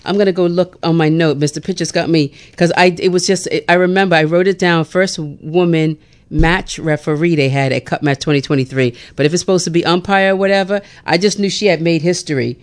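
Lady radio host, middle aged, smooth clear voice, chatty n laughs a lot. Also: fairly low pitch, brisk. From Bermuda. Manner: laughs often, chatty and warm. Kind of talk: casual radio chat and prayer.

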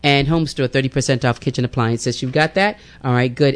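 A man hosting a radio show, reading announcements and giving a lively devotional that repeats phrases and calls listeners family. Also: medium pitch, brisk, clean tone. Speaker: radio host.

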